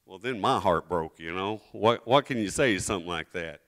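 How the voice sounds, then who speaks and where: A man telling a folksy tall tale on stage at a liar's contest, drawling with many pauses and acted-out quotes. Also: sits low, lively intonation, fairly bright tone.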